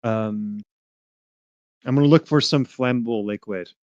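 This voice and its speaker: A man's voice: mid-range voice, a little slow, a little mellow, dry recording. Guy playing a tabletop game, jokey, lots of um and uh, muffled lo-fi mic, dry. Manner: joking, hesitant, filler-heavy. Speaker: player. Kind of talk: casual tabletop play. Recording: dull lo-fi sound.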